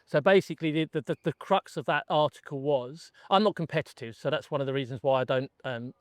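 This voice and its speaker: A man's voice: a little high, quick pace, no room sound, clean studio sound. A middle-aged man, a gun dog trainer from England, chatting casually as a podcast guest and telling his story with many restarts.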